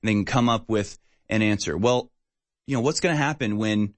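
A man's voice: lowish voice, fairly quick, no room sound. A man hosting a talk show, rambling and sarcastic with many fillers. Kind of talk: casual opinion talk.

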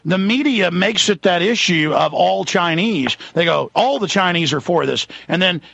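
A man on talk radio, angry and relentless, piling one charge on the next. His voice sits high and gravelly. The sound is dry and dull, with no room around it. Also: animated, normal speed, a bit bright, no room sound. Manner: ranting, heated, hammering lists. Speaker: radio talk show host.

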